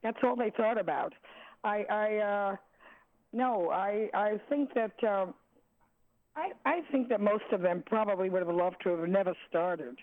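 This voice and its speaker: An older woman, a jazz singer, reminiscing in an interview, halting and searching for words with many restarts. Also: medium pitch, dry recording. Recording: tinny phone line.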